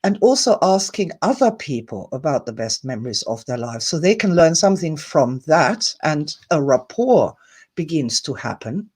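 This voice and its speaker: A woman hosting a live online talk, speaking earnestly in a reflective monologue, laughing softly between thoughts and replying to viewer comments. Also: low-pitched, very animated, moderate pace, breathy edge. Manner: earnest, musing, reading viewer comments aloud.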